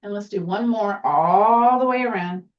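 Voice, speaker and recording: Gentle woman leading a chair exercise class. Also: medium pitch, normal speed, distant mic, muffled recording. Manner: gentle, encouraging, playful cues. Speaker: tai chi instructor.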